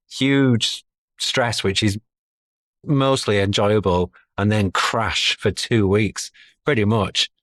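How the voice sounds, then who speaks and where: A middle-aged man chats as a podcast guest in a low, easygoing voice. He is self-deprecating and breaks into laughter between his thoughts. The sound is dry and close to the microphone. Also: no echo. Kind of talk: casual conversational interview.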